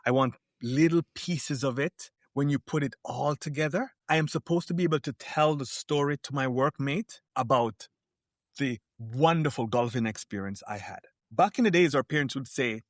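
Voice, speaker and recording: Animated man on a podcast, dry sound. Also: mid-range voice, moderate pace, no echo. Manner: animated, emphatic storyteller. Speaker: cruise line guest. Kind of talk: podcast interview.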